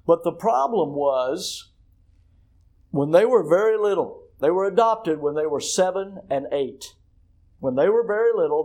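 A man's voice: on the high side, poor audio. Emphatic preacher man. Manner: storytelling, swinging from hushed to loud emphatic questions. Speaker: pastor. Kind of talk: sermon.

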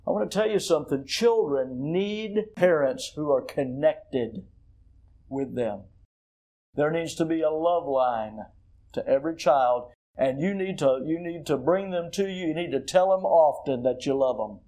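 A man preaching a sermon, telling stories and moving from hushed tones to loud, emphatic questions. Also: fairly high pitch, lively intonation, unhurried, poor audio. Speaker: pastor.

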